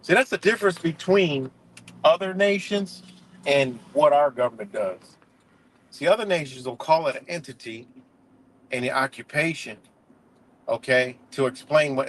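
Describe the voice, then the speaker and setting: The voice is a man's, fairly high and fairly bright, on a low-quality recording with slight background noise. He's hosting a live stream and ranting heatedly and profanely in casual commentary, saying "you know" often.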